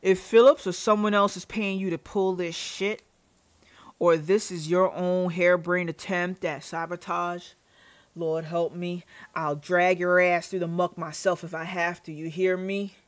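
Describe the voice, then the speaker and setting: A woman puts on a gruff old man from a story game who hurls loud threats. He snarls his words at a slow, heavy pace, all menace and spite. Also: on the low side, level tone, natural voice. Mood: furious.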